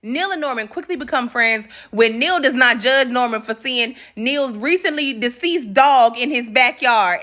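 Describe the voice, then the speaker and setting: A woman with a high, swooping voice recaps a movie in casual commentary. Her tone is bright and sharp, and she talks in an animated, slangy way, full of profanity and laughing asides.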